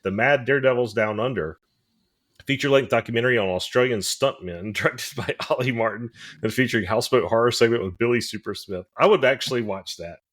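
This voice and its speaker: A man's voice: mid-range voice, quick pace, a bit bright. A man co-hosting a horror podcast, reading out disc extras and telling stories in casual chat. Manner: reads lists aloud, laughs often, retells anecdotes. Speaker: podcast co-host.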